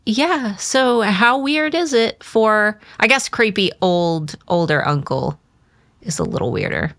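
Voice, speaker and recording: A woman's voice: mid-range voice, slow pace. An American woman co-hosting a casual book podcast, playful and teasing. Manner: playful, teasing, animated when retelling. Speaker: podcast co-host. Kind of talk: casual book discussion chat.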